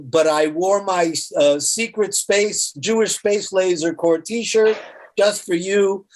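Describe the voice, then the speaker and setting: An enthusiastic male host running an online interview. He talks at an unhurried pace and cheers his guest on. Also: sits high, a little mellow.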